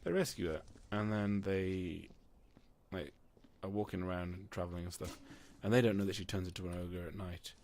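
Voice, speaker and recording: Deep-voiced rambling male game master. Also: steady tone, normal speed, darkish tone. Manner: rambling, digressive, often stops to ask himself questions. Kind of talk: casual narration of a tabletop game. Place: room, alone.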